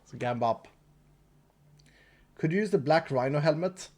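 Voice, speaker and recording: A man's voice: a little high, moderate pace, darkish tone. A man streaming a game live, chatting casually with his viewers, reading chat, thanking donors and laughing easily.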